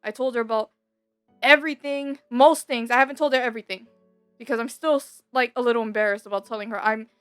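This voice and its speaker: A woman's voice: a little high, fast, a bit bright, smooth, soft background music. A young woman gaming YouTuber talking candidly at home in a rambling, confiding way, full of fillers and restarts. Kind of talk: candid personal vlog talk.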